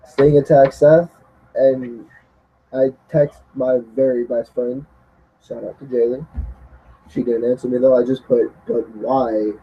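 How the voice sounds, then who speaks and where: A man's voice: mid-range voice, flat delivery, unhurried, pauses often, husky, dull audio. A man reviewing a wrestling show in casual chat, often acting out quotes in a mocking voice.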